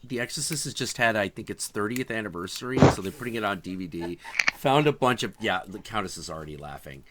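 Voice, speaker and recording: A man's voice: lowish voice, fast, very noisy. A man in his thirties hosting a show, telling stories in casual chat with lots of swearing. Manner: animated, profane storyteller. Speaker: show host.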